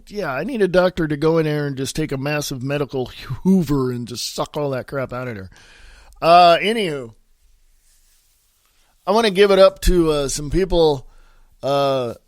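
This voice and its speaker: A man's voice: on the high side, expressive, measured pace, no echo, studio quality. A man hosting a casual solo podcast, congested and sniffly from a sinus infection, rambling loosely and mumbling his asides. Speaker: podcast host. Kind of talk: casual solo podcast with read-aloud articles.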